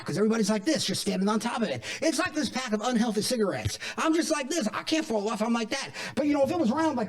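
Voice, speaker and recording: A man playing a paranoid, rambling flat-earth conspiracy theorist and chain smoker, in a comedic monologue to camera. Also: very high voice. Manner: rambling, digressive, self-contradicting; defensive, insists he is not crazy. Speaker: comedy character host.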